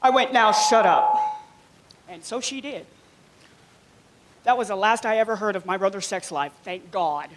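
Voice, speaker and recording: A woman doing a first-time stand-up comedy set on a small club stage, talking in an animated way and giggling through her own jokes. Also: medium pitch, moderate pace, pauses often, slight background noise.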